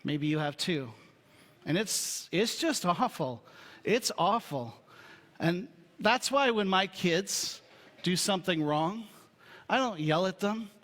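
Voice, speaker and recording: A pastor preaching a sermon in a relaxed, joking, conversational way before turning serious. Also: male voice, high-pitched, slow pace. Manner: humorous, conversational storytelling. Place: church sanctuary. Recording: reverberant church hall.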